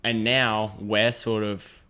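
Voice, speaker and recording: Laid-back Australian bloke, lowish voice. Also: male voice, level tone, slow, pushed and bright, clean tone. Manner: swearing, laid-back slang. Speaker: podcast host; teacher. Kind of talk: casual chat.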